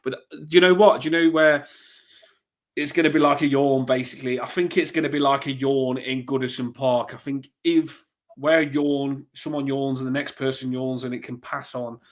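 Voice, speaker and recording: A man with a stuffy cold co-hosting a casual fan podcast, excitable and teasing. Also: mid-range voice, moderate pace. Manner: excitable, laughing, teasing banter. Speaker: podcast co-host.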